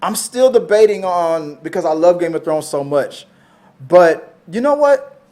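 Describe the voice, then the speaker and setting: A man hosting a casual movie chat show, rambling and animated, swearing freely. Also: sits high, a little slow. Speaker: podcast host.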